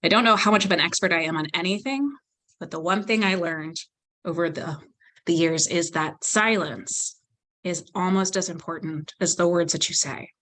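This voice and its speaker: A woman leading a volunteer training session, explaining calmly and acting out example phrasings. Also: fairly low pitch, moderate pace. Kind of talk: training lecture.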